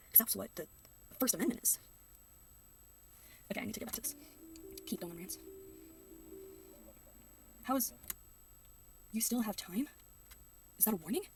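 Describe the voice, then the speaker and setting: A woman's voice: on the high side, darkish tone, husky, distant mic. A young woman reacting to a video in casual commentary, ranting sarcastically and slipping into mocking voices. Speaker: reaction youtuber.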